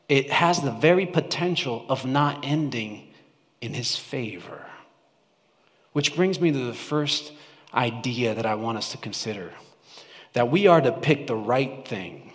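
A male pastor preaching a sermon in a church, talking conversationally with the congregation and swinging between loud mock-shouting and hushed earnest lines. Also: medium pitch. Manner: conversational, asks the congregation questions. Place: church sanctuary. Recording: long hall reverb.

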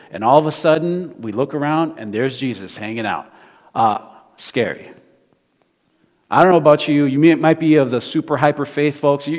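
A middle-aged pastor preaching a sermon, moving between loud emphatic bursts and hushed low passages, stumbling over restarts and asking the congregation questions. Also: male voice. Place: church sanctuary. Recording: long hall reverb.

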